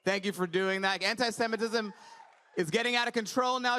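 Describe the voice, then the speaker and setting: A male comedian in his thirties working a conference crowd in a chatty, wry stand-up style. His voice sits high and bright, and it cuts cleanly through a handheld stage mic. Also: a little fast, slight background noise.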